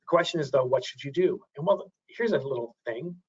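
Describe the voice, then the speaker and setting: A man's voice: mid-range voice, expressive, brisk, husky, highs cut off. A man giving a webinar presentation, talking through graphs, thinking aloud with many restarts and fillers.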